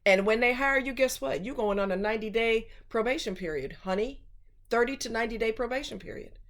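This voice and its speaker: A woman's voice: fairly high pitch, a little fast, fairly bright tone. A woman vlogger giving blunt relationship advice in a casual, emphatic monologue.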